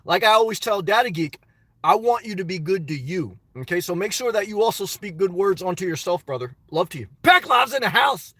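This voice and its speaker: Middle-aged man, high bright voice, dry close sound, upbeat chatty live stream talk from a car. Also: lively intonation, a little fast, dry recording. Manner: chatty, upbeat, calls viewers brother. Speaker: live stream host reading chat. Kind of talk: casual live stream chat. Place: parked car.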